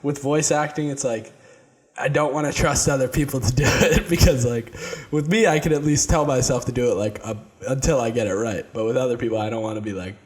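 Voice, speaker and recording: A man's voice: medium pitch, fairly quick. Jokey male podcast host. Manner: jokey, laughs often. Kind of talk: casual podcast chat.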